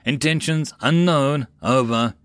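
A man voicing a young, naive soldier who speaks in brisk radio procedure. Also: medium pitch, clean tone, no room sound, natural voice.

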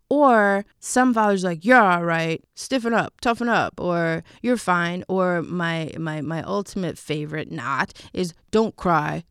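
A woman's voice: mid-range voice, clear, resonant tone, no room sound, studio quality. A middle-aged woman hosting a parenting podcast, talking earnestly and pleading with listeners, with light laughs between points. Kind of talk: solo podcast talk.

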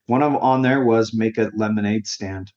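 A man's voice: on the low side, moderate pace, darkish tone, lo-fi sound. A man in his forties, a grief counselor as an interview guest, telling his personal story in an earnest, heartfelt way. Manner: earnest and heartfelt, sometimes emotional.

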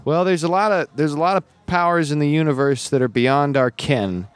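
Lively American male comedian, dry sound. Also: a little high, brisk, no room sound. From United States. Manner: lively storyteller who acts out quoted voices. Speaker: comedian guest. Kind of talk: casual interview chat. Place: comedy club showroom.

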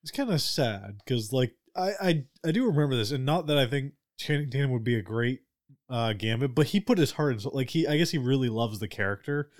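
A man's voice: medium pitch, expressive, fairly quick. A man co-hosting a casual podcast, often hesitating and searching for words. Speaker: podcast co-host.

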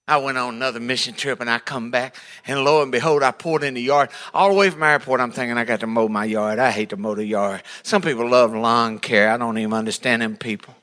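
A man's voice: mid-range voice, pushed and bright. A man preaching a sermon, telling folksy, humorous stories and acting out the voices of the people in them. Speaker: pastor. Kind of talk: storytelling sermon.

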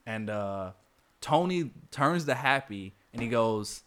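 Speaking slowly in a medium-pitched, expressive, somewhat bright voice, this man walks his podcast audience through a movie one scene at a time. The retelling meanders, is packed with filler words, and includes lines he performs in character.

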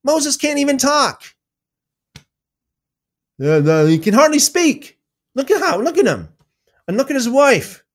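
A man's voice: very high-pitched, big pitch swings, a little slow, long pauses, voice pushed up, exaggerated voice. A man voicing jealous biblical siblings who mock a prophet in a raised, sneering voice. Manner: sneering, mocking.

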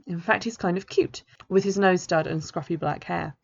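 A woman's voice: lowish voice, moderate pace, gravelly, husky. A woman author reading her own novel aloud in the first person, in a plain and understated way. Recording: dull lo-fi recording.

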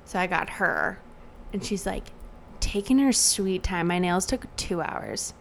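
A woman's voice: fairly low pitch, animated, measured pace, creaky, a little hiss or hum. A young adult woman co-hosting a podcast, telling a rambling story full of "like". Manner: chatty storyteller, lots of "like". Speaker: podcast co-host. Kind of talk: casual chat.

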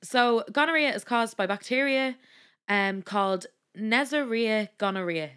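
A woman's voice: on the high side, measured pace, a bit bright, smooth. A woman co-hosting a podcast, reading from her notes with lots of ums and breaking into giggles. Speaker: podcast co-host. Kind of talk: casual podcast chat.

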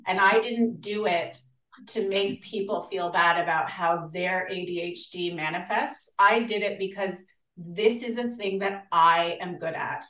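Australian woman, podcast guest, animated, acts out quotes, echoey room, set back from the mic. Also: mid-range voice. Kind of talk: casual interview chat. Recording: roomy, distant from the mic.

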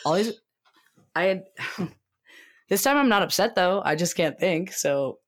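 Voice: mid-range voice, expressive, measured pace. Anxious rambling podcast co-host, nervous laughs, self-interrupting, remote call audio. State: anxious and sweaty. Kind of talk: casual chat over a remote call.

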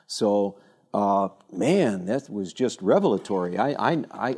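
Older guy rambling thru stories, mellow tone, lots of "you know" and restarts. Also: lowish voice, unhurried, slightly rough. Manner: animated, rambling storyteller with many fillers and restarts. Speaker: speaker addressing a younger audience. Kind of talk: informal talk with anecdotes.

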